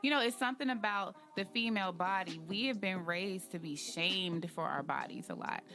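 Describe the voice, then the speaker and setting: A woman co-host chats with eager, affirming energy on a comedic radio show. Her pitch is middle, and music plays clearly underneath. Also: normal speed. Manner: enthusiastic, affirming. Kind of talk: casual comedic radio chat.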